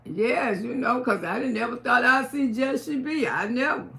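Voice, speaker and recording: High gravelly woman live-streaming. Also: moderate pace, fairly bright tone. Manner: blunt, profane and emphatic, repeating phrases. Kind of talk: casual live-stream chat with viewers.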